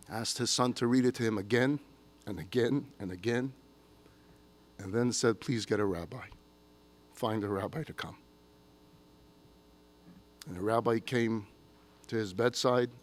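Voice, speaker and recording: A man, a rabbi, telling a story in a sermon with an expressive, emotive delivery. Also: medium pitch.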